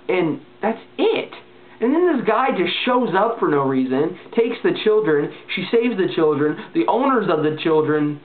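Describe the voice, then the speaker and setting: A vlogger rants casually through a movie review, his fairly high voice very animated yet a bit slow. He rambles in exasperation, packing his speech with filler words. The recording sounds tinny and lo-fi, like a phone.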